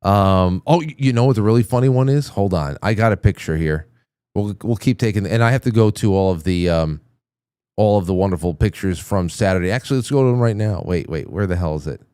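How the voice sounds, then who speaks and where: A man's voice: lowish voice, lively intonation, brisk, dark tone, smooth, no echo, studio quality. A man hosting a talk show in casual on-air chat, rambling with lots of restarts and stammers.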